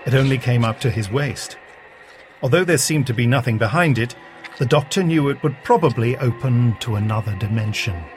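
A man narrating an audio story in a steady, measured way. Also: mid-range voice.

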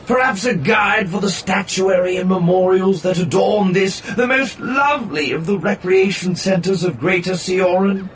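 A man's voice: high-pitched, normal speed, hardly any pauses, distant mic, a little hiss or hum, voice pushed up, close to an everyday voice. A man reading an audiobook voices a fawning, chatty male flying-taxi machine with overly polite sales patter. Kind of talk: audiobook narration.

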